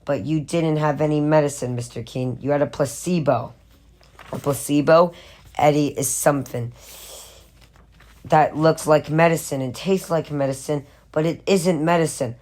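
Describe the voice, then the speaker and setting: A woman reading the part of a calm, patronizing older male pharmacist in an audiobook, lecturing a boy. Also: low-pitched, normal speed, close to an everyday voice. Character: older male pharmacist, smug and coldly manipulative.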